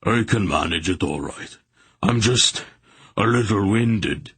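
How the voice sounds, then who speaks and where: A man's voice: low-pitched, measured pace, a bit bright, husky, no room sound, exaggerated voice. A man voicing a big, blunt warrior in an audiobook reading, sometimes out of breath. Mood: winded.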